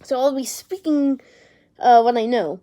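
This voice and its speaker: A woman's voice: on the high side, a little slow, dark tone. A young woman talking casually to camera, rambling and unsure, with casual swearing and lots of fillers. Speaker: vlogger.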